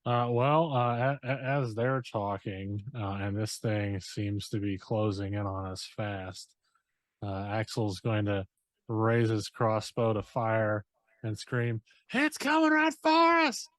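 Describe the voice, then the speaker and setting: A man's voice: on the low side, little pitch movement, slow, no echo. A man playing in a tabletop game, easygoing and joking. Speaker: player.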